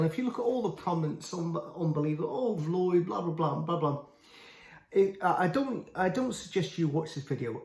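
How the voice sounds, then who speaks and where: A man's voice: fairly high pitch, a little mellow. A man giving scornful, indignant critical commentary on a video channel. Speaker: YouTube commentator. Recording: roomy echo.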